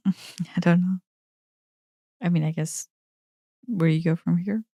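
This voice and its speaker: Mellow-voiced woman co-hosting softly. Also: fairly low pitch, fairly even intonation, slow pace, breathy edge, dry recording, clean studio sound. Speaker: podcast co-host. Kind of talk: casual podcast chat.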